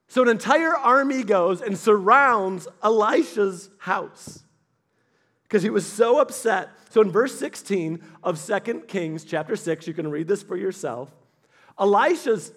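Man, high-pitched, preaching, animated, storytelling, sudden loud emphasis. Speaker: pastor. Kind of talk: sermon.

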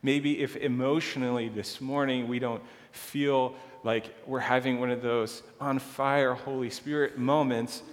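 A male pastor giving an earnest, conversational sermon that sometimes drops to a hushed, gentle tone. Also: mid-range voice. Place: church sanctuary. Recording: long church hall reverb.

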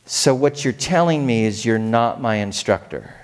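A man voicing a calm, puzzled male pilot who keeps asking questions in a sermon story. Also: mid-range voice, moderate pace, heavy background noise, lightly acted.

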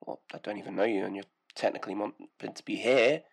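A man's voice: on the low side, fast, creaky, few pauses, breathy edge. A man from the UK doing a playful, pleading comic intro sketch. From United Kingdom. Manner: pleading, playful back-and-forth. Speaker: guest intro voice. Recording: music playing underneath.

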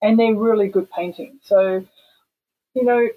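An Australian woman talks as an interview guest, animated and frank, leaning hard on her points. Her voice has a husky edge and sits at an ordinary middle pitch. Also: unhurried, narrow, tinny audio. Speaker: guest, voice actor and singer. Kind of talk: casual interview chat.

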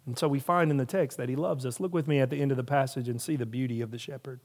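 A man's voice: medium pitch, fairly even intonation, fast talker. A man preaching a sermon, building emphasis through repeated phrases and rhetorical questions. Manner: preaching with rising emphasis and repetition. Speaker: pastor.

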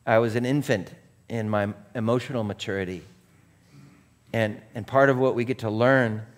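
A man in his forties preaching a sermon, telling a self-mocking personal story full of fillers and restarts before turning to the scripture. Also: lowish voice. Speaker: pastor. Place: church stage.

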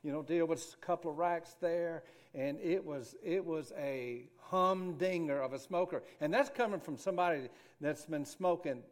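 A man's voice: on the high side, moderate pace, few pauses. A middle-aged man, a minister telling a homespun story in a rambling, folksy way with many restarts.

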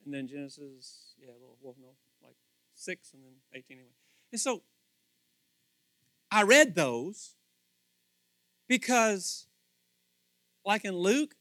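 A man preaching a casual sermon, animated and acting out little scenes with different voices. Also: high-pitched, a little slow, pauses often, no echo.

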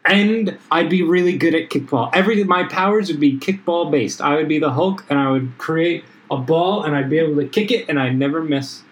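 A man's voice: fairly high pitch, brisk, hardly any pauses, low-quality recording. A man chatting casually, joking around and laughing often. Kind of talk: casual chat.

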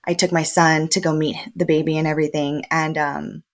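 Lower-pitched woman in her twenties, lively storyteller. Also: brisk. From El Paso, Texas. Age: 20s. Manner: lively, often laughing, acts out quoted dialogue. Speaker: podcast guest. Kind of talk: casual conversational storytelling.

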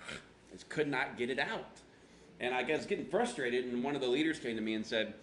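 In a conversational sermon, a pastor speaks a little fast in an animated, mid-range voice with a fairly bright tone. He shares self-deprecating stories and acts out his own earlier words. The room echoes, and a faint hum runs underneath.

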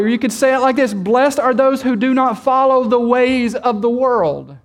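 A man with a very high voice preaches to his congregation. He leans hard on key words, repeating and drawing them out, and stops to put questions to the room. It sounds like a pastor at the pulpit of a church. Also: moderate pace, few pauses. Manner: addresses the congregation directly with questions. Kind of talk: sermon.

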